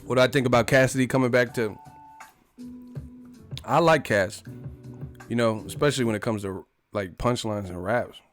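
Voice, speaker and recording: A man's voice: medium pitch, normal speed, pauses often, faint music behind. A man hosting a livestream, chatting casually in a laid-back, slangy, rambling way. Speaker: livestream host. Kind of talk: casual chat.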